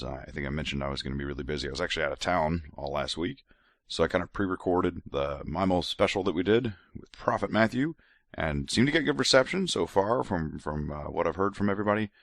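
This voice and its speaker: A man's voice: very deep voice, a bit bright, dry recording, studio quality. A man hosting a podcast in a casual monologue, a little drunk, rambling and laughing with many restarts. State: tipsy from drinks. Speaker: podcast host.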